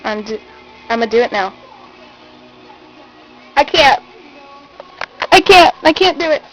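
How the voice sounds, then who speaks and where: A woman's voice: a little high, lively intonation, a little slow, a bit bright, faint music behind, low-quality recording. A young woman vlogging on her own camera, nervous and giggly, hesitating and stammering as she talks herself up. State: shaky from not eating. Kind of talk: casual self-recorded vlog.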